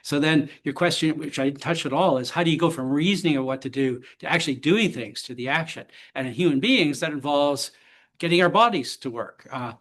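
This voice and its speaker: A man delivering an academic talk in a measured, explanatory manner, with a voice pitched a little high for a man. He drops in the odd blunt, dry joke without breaking his lecturing tone. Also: fairly bright tone. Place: lecture hall.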